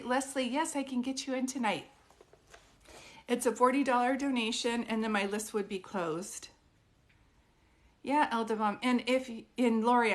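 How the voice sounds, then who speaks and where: A woman hosting a casual livestream at home as a psychic medium, chatting and reading viewer comments aloud to greet people by name. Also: fairly high pitch. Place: at home with her dog. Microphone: phone livestream.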